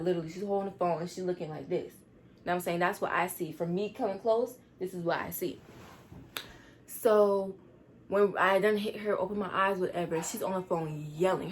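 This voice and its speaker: A teenage girl telling a storytime vlog, rushed and rambling as she tries to calm down. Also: medium pitch, a little hiss or hum. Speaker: vlogger.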